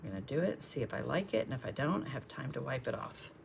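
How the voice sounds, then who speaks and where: A woman's voice: a bass voice, very animated, fast talker, creaky, a little hiss or hum. A woman art instructor chatting through a live painting tutorial, thinking aloud as she works and thanking viewers for their comments.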